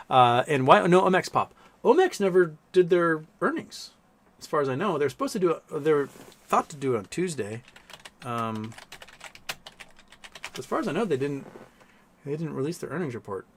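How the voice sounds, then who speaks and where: A man hosts a casual livestream from home, rambling about markets and reading viewer comments aloud with some swearing. His voice is a little high with lively intonation, at a moderate pace with frequent pauses. He also coaxes his pets in baby talk.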